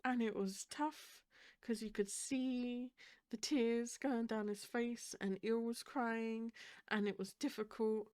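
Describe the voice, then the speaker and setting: A woman's voice: on the high side, steady tone, takes it slowly, a little mellow. A woman hosting a reaction video, talking casually and rambling as she fights back emotion, often laughing nervously.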